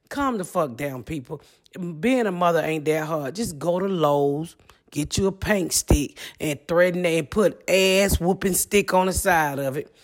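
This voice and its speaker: A woman in her forties with a Midwestern US accent, hosting a podcast in a brash, profane, comic solo monologue. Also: lowish voice. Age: 40s. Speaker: podcast host.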